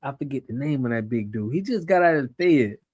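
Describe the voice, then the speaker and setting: A man hosting a casual livestream chat on a video call, relaxed and full of slang. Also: mid-range voice, fairly quick, husky. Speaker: host.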